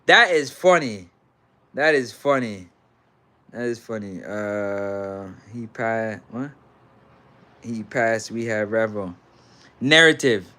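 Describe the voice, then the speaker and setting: A man's voice: fairly low pitch, slow, bright, forceful tone. A man with a Jamaican accent hosting a live sports talk stream, reading viewer comments and repeating his points with patois mixed in. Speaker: sports talk show host.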